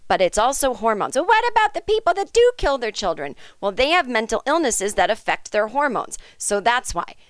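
A woman's voice: on the high side, a bit bright, clear, resonant tone, no echo, studio quality. A woman hosting a comedic podcast, ranting in a sarcastic, indignant and profane way. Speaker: podcast host. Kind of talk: comedic rant monologue.

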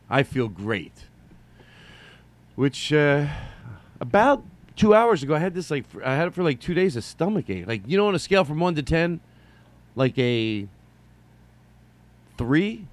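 A middle-aged man hosting a solo comedy podcast, rambling and joking, jumping from loud bursts to mumbled asides. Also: fairly high pitch, very animated, unhurried, pauses often. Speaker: podcast host.

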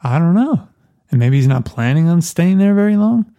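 A man's voice: on the high side, expressive, moderate pace, mellow. A man co-hosting a podcast in casual chat, retelling scenes and reading book passages aloud. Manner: chatty, laughs between lines. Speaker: podcast co-host.

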